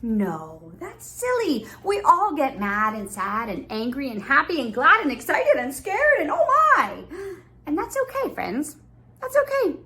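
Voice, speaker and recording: A woman who teaches preschool online, reading a picture book and talking to young children in a playful, exaggerated storytelling voice that turns gentle and soothing at times. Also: sits high, huge pitch swings, a little slow. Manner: sing-song, exaggerated storytelling voice for little kids; gentle and soothing when guiding breathing.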